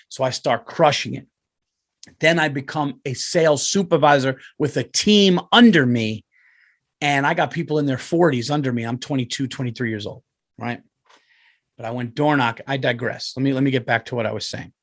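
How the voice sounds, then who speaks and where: A man, telling a rambling, profane story on his podcast and loudly acting out other people's voices. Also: mid-range voice, fairly quick, dry recording, studio quality. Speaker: comedian and podcast host. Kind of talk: casual storytelling.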